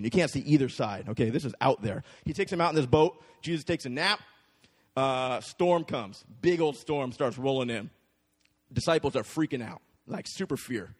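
A man preaching a sermon to a congregation, talking in a casual, conversational way and often asking "right?". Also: fairly high pitch. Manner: conversational, checks in with the crowd with frequent "right?". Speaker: pastor. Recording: long hall reverb.

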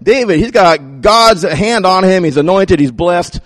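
Male pastor, sermon, slightly high voice, conversational storytelling, playful asides. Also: unhurried, fairly bright tone, dry recording.

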